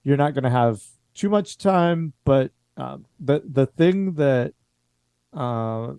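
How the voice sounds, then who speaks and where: A man runs a tabletop game, circling his thoughts with fillers and restarts. His voice is mellow and dark, recorded dry and close to the mic. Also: mid-range voice, lively intonation, takes it slowly, smooth, no room sound. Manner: hesitant, full of filler words. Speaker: game master.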